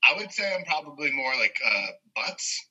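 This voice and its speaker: A man's voice: on the high side, big pitch swings, normal speed, sharp tone, husky. Laughing rambling storyteller man, lo-fi sound. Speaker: podcast co-host. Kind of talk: casual chat. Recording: dull lo-fi sound.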